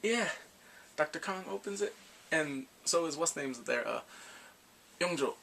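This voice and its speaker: A man casually recapping drama episodes in a rambling, excitable way, gasping and laughing as he goes. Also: fairly high pitch, a little slow, creaky. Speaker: drama reviewer.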